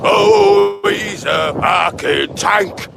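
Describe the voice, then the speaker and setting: A man's voice: high voice, very slow, creaky, music in the background. A man vlogging on a windy seafront, calling out sing-song chants and silly put-on accents to his viewers. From England. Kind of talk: windy seaside vlog. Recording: loud wind noise on the mic.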